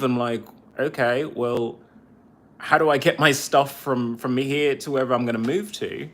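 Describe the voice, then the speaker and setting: A man, a veteran podcaster, talking on a cell phone in a casual livestream monologue, halting and repeating phrases as he vents. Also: medium pitch, fairly even intonation.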